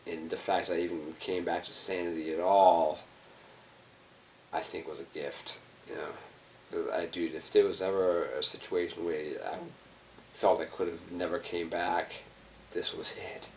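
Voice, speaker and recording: A man's voice: deep voice, fairly even intonation, a little slow, recorded from a distance, slight background noise. An exhausted man rambling in a loose, profane way, with lots of fillers. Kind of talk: rambling personal video monologue.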